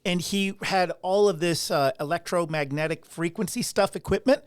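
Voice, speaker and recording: A man's voice: high-pitched, moderate pace, clear, resonant tone, no room sound. Chatty man in his forties, dry close sound. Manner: rambling storyteller, many "like" and "you know" fillers. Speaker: podcast co-host. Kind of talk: casual chat.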